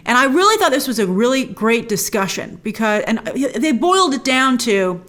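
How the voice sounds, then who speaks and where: A woman's voice: a little high, very animated, moderate pace, a bit bright. A woman hosting a TV episode recap, talking with gushing enthusiasm and retelling scenes in a chatty, casual way. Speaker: host.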